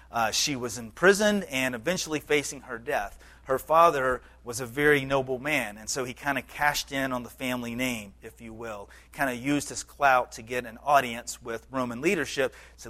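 Male pastor, mid-pitched, earnest conversational sermon delivery. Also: bright, forceful tone. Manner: earnest, conversational preaching with occasional fillers.

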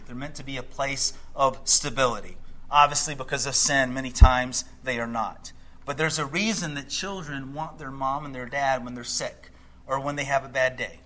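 A middle-aged male pastor delivering a sermon, telling a story, then speaking by turns softly and with emphasis. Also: mid-range voice, poor audio. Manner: storytelling, shifts between hushed and emphatic.

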